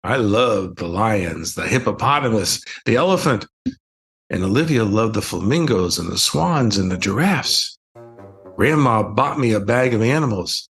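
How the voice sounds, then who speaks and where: An older man reading a bedtime story aloud in a gentle, expressive storytelling manner. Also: lowish voice, a little slow. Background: soft music.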